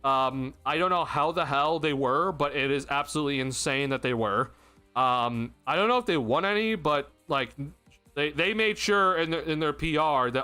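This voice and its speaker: A young man hosts a sports livestream, ranting in exasperated disbelief and breaking into laughter. His voice is bright and forceful and sits a little high. Faint music plays underneath. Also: expressive, normal speed, clean tone. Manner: exasperated, laughing, rambling with restarts. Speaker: sports streamer.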